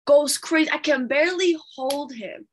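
A woman leading a morning Bible study, telling a story in an animated, emphatic sermon style and speaking straight to her listeners. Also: high-pitched, moderate pace, a little hiss or hum. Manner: animated, emphatic, addresses audience directly.

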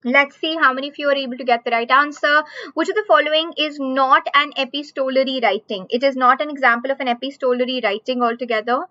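A woman with an Indian English accent teaching a live online exam-prep class, repeating questions slowly for emphasis. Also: high-pitched, steady tone, sharp tone, dry recording, highs cut off.

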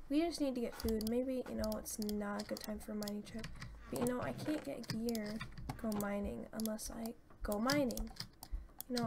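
Excitable gravelly-voiced young woman gamer. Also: fairly high pitch. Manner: chatty, excitable, gushing with gratitude. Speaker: gaming channel host. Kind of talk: casual let's-play commentary. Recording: noisy home recording.

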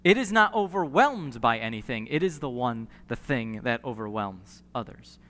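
Bright-voiced pastor preaching in a reverberant hall. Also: male voice, medium pitch, lively intonation. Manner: earnest preaching with emphatic pauses and repeated phrases. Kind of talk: sermon. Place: church sanctuary. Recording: long church hall reverb.

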